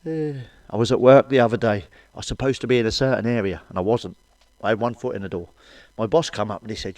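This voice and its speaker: A middle-aged man telling crude stand-up jokes with blunt, sweary, deadpan asides. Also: on the low side, fast talker, no echo. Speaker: stand-up comedian. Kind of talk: crude stand-up one-liners.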